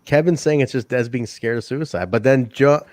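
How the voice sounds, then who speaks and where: A man's voice: mid-range voice, normal speed, a little mellow, no echo. A man hosting a casual wrestling review podcast, chatty and swearing freely, talking through a wrestling mask. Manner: chatty, swearing, laughs often. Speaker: podcast host. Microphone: wearing a wrestling mask over his face.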